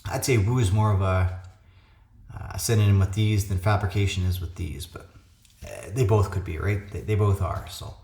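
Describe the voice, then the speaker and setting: A man's voice: sits low, moderate pace, creaky, mellow. A man hosting a puzzle video, talking casually through his solves and thinking aloud with lots of ums and uhs. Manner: thinks aloud with frequent fillers. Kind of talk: casual solo commentary. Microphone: phone webcam. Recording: echoey home room.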